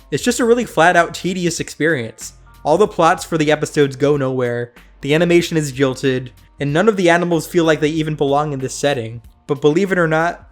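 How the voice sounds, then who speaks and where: A young man hosting a sarcastic review of old cartoons. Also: on the high side. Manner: sarcastic, mocking. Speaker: host.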